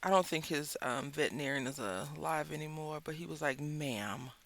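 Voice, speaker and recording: Gravelly Southern woman chatting while crafting. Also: low-pitched, a little fast. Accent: Southern American. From Southern United States. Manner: chatty, rambling storyteller. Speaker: craft channel host. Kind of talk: casual chat while crafting. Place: indoors at a craft table.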